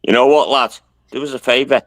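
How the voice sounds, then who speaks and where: A man's voice: medium pitch, fairly even intonation, a little fast, dry recording. A man arguing hotly and bluntly on a live-stream panel, swearing often. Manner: angry, blunt and profane. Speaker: panel guest.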